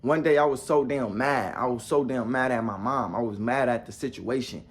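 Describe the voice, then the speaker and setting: Husky-voiced young man as a vlogger delivering a casual, preachy motivational rant straight to camera. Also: mid-range voice, moderate pace. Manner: blunt and profane, repeats rhetorical questions; preachy, talks straight to the viewer.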